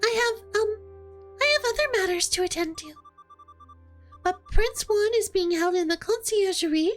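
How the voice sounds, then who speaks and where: A high, squeaky little mouse of a man, stammering and flustered at every turn, as a woman puts him on. His voice leaps all over the place, and soft game music hums behind him. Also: animated, normal speed. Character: tiny timid male mouse messenger.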